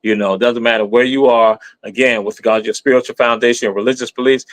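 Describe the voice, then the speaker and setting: A man's voice: mid-range voice, steady tone, fast talker. A man giving an explanatory live stream talk in an emphatic, teacherly way, repeating himself and spelling words out letter by letter.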